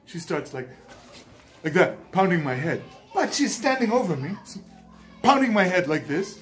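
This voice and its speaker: Man telling a story, animated delivery. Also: sits high, normal speed. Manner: animated, acts out dialogue in his story. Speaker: channel host. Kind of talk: storytelling monologue.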